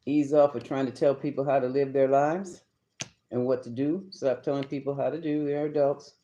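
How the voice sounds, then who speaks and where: A man's voice: mid-range voice, flat delivery, moderate pace, warm tone, lo-fi sound. Chatty man giving a tarot reading. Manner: chatty, emphatic, talks to viewers as y'all. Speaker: tarot reader.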